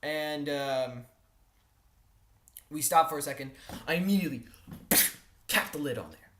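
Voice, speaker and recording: A woman telling a comic personal story in an animated, exaggerated way, often checking in with her listeners and tossing in mild curses. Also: low-pitched, measured pace. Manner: animated and exaggerated, with frequent "all right?" check-ins; mild exasperated cursing.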